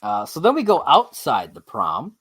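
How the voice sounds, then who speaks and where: Male podcast co-host, animated pitch, casual recap chat, laughs a lot. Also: slightly rough. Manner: laughs often, halting with many uhs.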